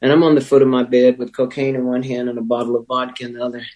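A man telling his recovery story as a personal testimony, candid and wry, with emotional pauses. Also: mid-range voice, level tone, darkish tone, poor audio. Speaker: speaker sharing a recovery story.

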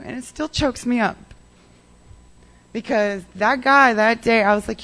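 Woman, mid-pitched voice, giving a rambling personal recovery testimony full of fillers. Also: animated, moderate pace, a bit bright. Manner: rambling, heavy use of "like" and "um". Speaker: person sharing her recovery story.

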